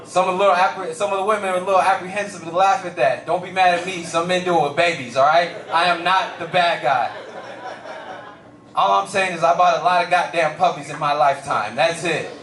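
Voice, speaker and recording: A man's voice: high-pitched, brisk, reverberant, recorded from a distance. A young man doing a stand-up comedy set, telling stories animatedly and slipping into voices. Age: young adult. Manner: animated storytelling with lots of voices and shouts.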